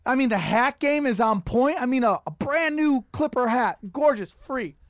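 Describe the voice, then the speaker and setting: High-voiced man ranting on a podcast. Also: normal speed, no echo, clean studio sound. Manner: rambling, profane, animated storytelling. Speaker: podcast host. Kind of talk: casual comedic rant.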